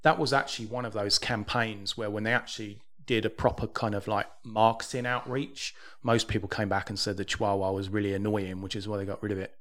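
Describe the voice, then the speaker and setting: A man's voice: on the low side, little pitch movement, brisk, hardly any pauses, a bit bright. A man hosting a podcast, chatting casually and reading out news stories with dry, wry humor. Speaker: podcast host.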